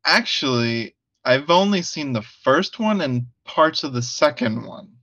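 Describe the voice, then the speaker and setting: A man's voice: medium pitch, animated, a little slow, fairly bright tone, dry recording, lo-fi sound. A man co-hosting a casual movie review podcast, hesitant and laughing often. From United States. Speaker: podcast co-host.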